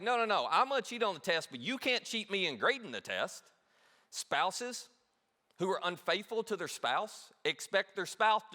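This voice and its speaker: A man pastor preaching a sermon in a church, animated, acting out quoted voices. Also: high-pitched. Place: church auditorium. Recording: long hall reverb.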